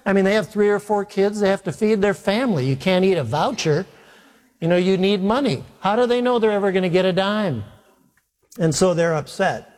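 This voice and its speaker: A male pastor telling a wry, animated story during a sermon. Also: sits high, long reverb tail. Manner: animated, wry anecdotal delivery.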